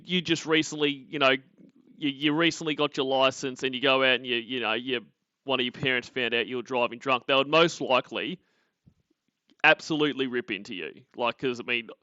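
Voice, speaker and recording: An Australian man co-hosting a podcast in a bright, forceful voice. He rambles and restarts his sentences often, and the sound is dry and a little dull, like a modest lo-fi mic. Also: medium pitch, no echo. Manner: rambling, lots of fillers and restarts. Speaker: podcast co-host. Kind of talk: casual chat.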